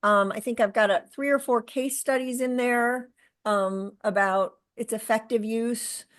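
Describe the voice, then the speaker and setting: A middle-aged woman speaking as a guest in an interview, earnest and halting, with frequent fillers and restarts. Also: a little high, fairly even intonation, no echo. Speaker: guest, author and caregiver. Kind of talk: conversational interview.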